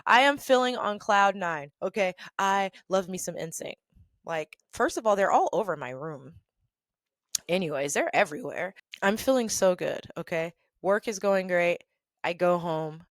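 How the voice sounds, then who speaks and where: A woman hosting her own show, telling a story in a casual monologue with animated, sassy delivery and big swings in loudness. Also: fairly low pitch, moderate pace, no echo. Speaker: storytelling host.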